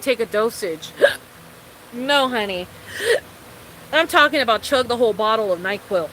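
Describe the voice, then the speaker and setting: Give me a young woman with a sharp, bright voice telling an exasperated storytime rant. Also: on the high side, slight background noise, rough recording. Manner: exasperated, incredulous, swears freely, laughs often. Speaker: vlogger.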